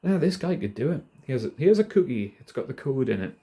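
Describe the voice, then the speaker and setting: Casting: a man with a mellow voice, rambling and profane, ranting casually into a hand-held phone. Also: medium pitch, very animated, fast. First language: not American. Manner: profane, rambling, laughs often. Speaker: vlogger.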